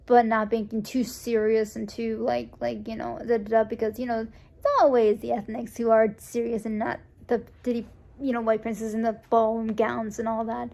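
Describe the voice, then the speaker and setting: At a moderate pace, a young woman with a fairly high, gravelly voice recounts something that happened to her. She grew up in the United States and vlogs in a casual, rambling style, restarting often, using fillers, and voicing the people she quotes with lively flair.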